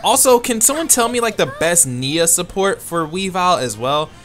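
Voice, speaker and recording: Animated man doing game commentary. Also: sits high. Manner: animated, self-deprecating, quick outbursts and laughs. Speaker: gaming YouTuber. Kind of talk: let's play commentary. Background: game music.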